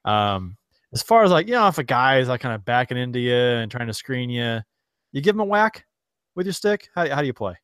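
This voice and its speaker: A man's voice: mid-range voice, very animated, brisk, fairly bright tone, smooth, no echo. A man with a mid-range voice chats on a casual sports podcast, teasing his co-hosts and firing off playful, laughing questions about the game. The recording is dry and close to the mic. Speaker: podcast co-host and rec-league forward.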